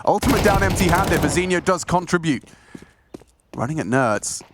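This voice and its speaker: A man commentating a competitive shooter match, excitable and joking, his voice leaping up in big moments. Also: moderate pace. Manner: excitable, jokey, voice jumps high in big moments. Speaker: esports commentator. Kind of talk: play-by-play commentary. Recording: game noise behind. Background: gunfire and game sounds.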